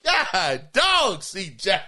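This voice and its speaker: A man's voice: high voice, huge pitch swings, very slow, pushed and bright. A man hosting a podcast, reading a listener email in casual chat, exclaiming, laughing and stammering as he talks. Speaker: podcast host.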